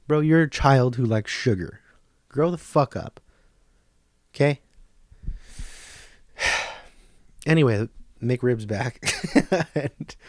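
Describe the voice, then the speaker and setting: A man in his thirties ranting through a comic podcast monologue, swearing freely and flipping between hushed documentary-style whispers and loud outbursts. His voice sits at an ordinary middle pitch. The sound is dry and close, with no room around it. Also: no room sound. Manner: profane, ranting, mock nature-documentary whispers. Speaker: podcast host. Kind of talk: comedic monologue.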